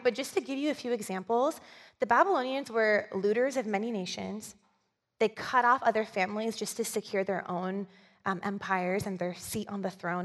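A woman's voice: medium pitch, a bit bright. Woman preaching in an echoing hall. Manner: conversational, asks the audience for agreement. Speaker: communications director, preacher. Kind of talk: sermon. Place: church.

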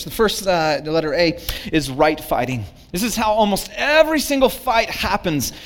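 A middle-aged man preaching a sermon, telling stories and acting out both sides of an argument. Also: sits high. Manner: animated storytelling, acts out both sides of arguments. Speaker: pastor.

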